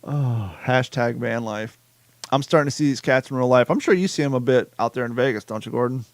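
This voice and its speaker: An American man hosting a casual podcast, telling animated fishing stories with swearing and laughter. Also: medium pitch, fast talker, no room sound. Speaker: podcast host.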